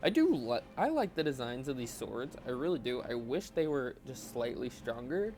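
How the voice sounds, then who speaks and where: A man's voice: medium pitch, very animated, normal speed, hardly any pauses, darkish tone, faint music behind. A young adult man giving casual, rambling, self-deprecating gameplay commentary while tired and yawning. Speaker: gaming video host.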